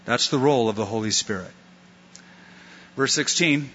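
A man's voice: medium pitch, moderate pace, long pauses, a bit bright, husky, big-room sound, lo-fi sound. A man preaching a conversational sermon as a pastor, acting out lines from the text in playful voices. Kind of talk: expository sermon.

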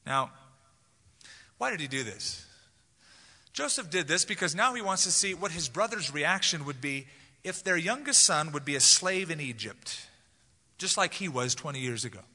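A man's voice: on the high side, animated, moderate pace, pauses often, sharp tone. A male pastor preaching an expository sermon, storytelling animatedly with casual asides. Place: church sanctuary. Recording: reverberant church hall.

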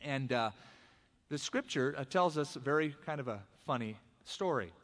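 A man preaching a sermon, telling the story in an animated, conversational way. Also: medium pitch, moderate pace. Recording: long hall reverb.

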